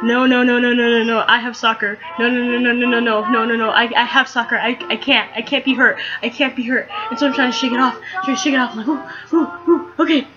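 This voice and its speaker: A teenage girl telling a story in a casual vlog, rambling and excitable with lots of fillers. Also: fairly high pitch, fast talker, few pauses, highs cut off, music in the background. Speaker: vlogger.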